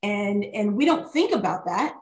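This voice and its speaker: A woman author and pastor sharing her story in an interview, animated and full of fillers and restarts. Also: mid-range voice, normal speed. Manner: animated, many fillers and restarts, warm testimony. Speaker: author guest; worship leader and pastor. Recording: echoey room with faint noise.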